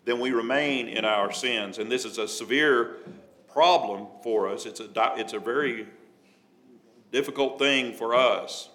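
Male preacher, bright clear tone, measured delivery, reads scripture aloud. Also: mid-range voice. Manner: measured, reads scripture in King James wording. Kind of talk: Bible study sermon.

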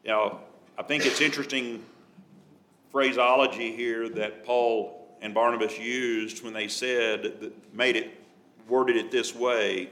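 Bright-voiced man preaching a Bible study. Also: medium pitch. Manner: measured, reads scripture in King James wording.

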